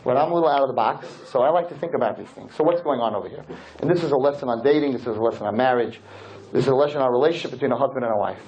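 A man teaching a class as a rabbi, telling stories in an animated, joking way and acting out the scenes. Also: medium pitch, rapid-fire. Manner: animated, jokey, acts out scenes. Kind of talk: lively storytelling lesson. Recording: dull lo-fi with faint noise.

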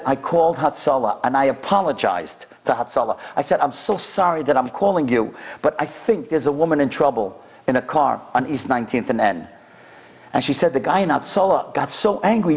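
Animated high-voiced rabbi telling stories. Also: male voice, husky. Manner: animated, acts out the people in his stories with big jumps in pitch and loudness. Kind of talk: sermon storytelling.

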